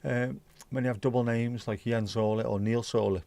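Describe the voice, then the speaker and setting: A man's voice: mid-range voice, fairly even intonation, moderate pace, vocal fry, dark tone, dry recording. An Irish man hosting a livestream, chatting casually and reading out viewer comments in a blunt, mocking way, with plenty of swearing. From Ireland. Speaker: livestream host.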